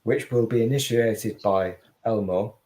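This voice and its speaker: A man's voice: lowish voice, a little slow, mellow. A man joining a casual online chat, jokey and playfully boastful.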